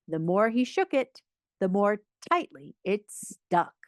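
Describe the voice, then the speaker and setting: Woman narrator for a children's classic, unhurried and lively in pitch, expressive storytelling. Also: no echo, clean studio sound. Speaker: audiobook reader.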